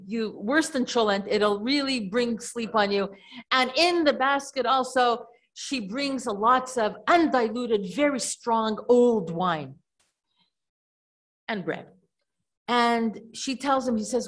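Chatty woman storyteller, slightly high voice. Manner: digressive, self-correcting with chatty asides. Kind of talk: casual storytelling retelling a religious tale.

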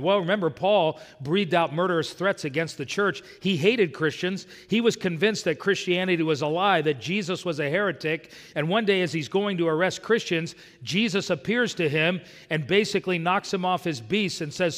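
A man's voice: high voice, moderate pace, few pauses, fairly bright tone, big-room sound. A male pastor from the United States preaching earnestly, quoting scripture with emphasis. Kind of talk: sermon. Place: church sanctuary.

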